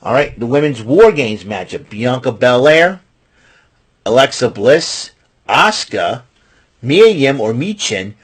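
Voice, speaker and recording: A man's voice: mid-range voice, husky. Chatty man giving wrestling picks. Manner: rambling, chatty, restarts and fillers. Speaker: wrestling show host. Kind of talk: casual solo recap and predictions.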